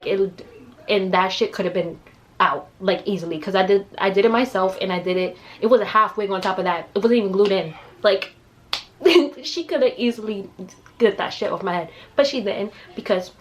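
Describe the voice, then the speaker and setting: A young woman telling a story to camera in a casual, profane, animated way. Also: medium pitch, a little hiss or hum. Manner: animated, profane, acts out quotes in raised voices. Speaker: vlogger.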